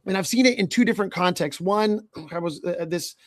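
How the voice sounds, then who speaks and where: A man's voice: high-pitched, a little fast, no room sound, clean studio sound. A man hosting a podcast as a leadership coach, giving earnest advice and often checking in with "right?". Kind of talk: podcast conversation.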